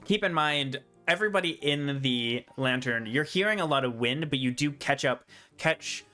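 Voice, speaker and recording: Bright-voiced man running a tabletop game. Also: mid-range voice, normal speed, soft background music. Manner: relaxed, rambling, full of fillers and laughs. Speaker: game master.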